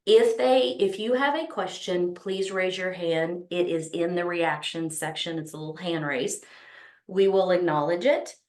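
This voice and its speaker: A woman's voice: fairly low pitch, measured pace, darkish tone, echoey room. A woman with a Texas accent hosting an online business summit, talking enthusiastically with many ums and restarts. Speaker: summit host. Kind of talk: opening remarks at an online summit.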